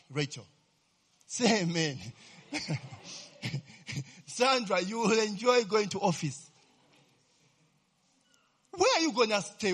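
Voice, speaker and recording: A man's voice: high-pitched, fairly bright tone, breathy edge. A man preaching a sermon in a chatty, joking way, often asking "eh?" and "amen?" to keep his listeners engaged.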